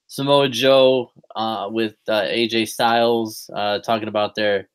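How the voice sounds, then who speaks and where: A man's voice: lowish voice, fairly even intonation, measured pace, clean tone. A man co-hosting a wrestling podcast, chatting casually and rambling with lots of fillers and restarts. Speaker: podcast co-host. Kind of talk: casual chat.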